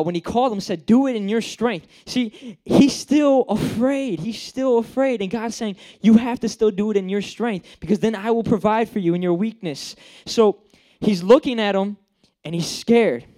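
A young preacher with a high, mellow voice gives a casual, joking sermon. He's chatty and acts out the characters he describes.

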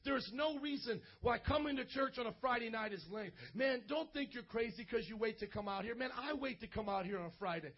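A man with a very high, husky voice preaches with loose street slang and sudden shouted bursts. He talks to the congregation at a church service. The sound is dull and lo-fi. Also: brisk, few pauses. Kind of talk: lively youth sermon.

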